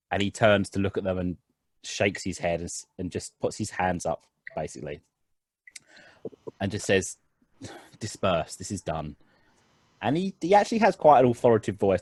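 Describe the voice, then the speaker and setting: A man narrating as game master of a tabletop game online, talking loosely with frequent ums and restarts. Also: deep voice. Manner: rambling, many fillers and restarts.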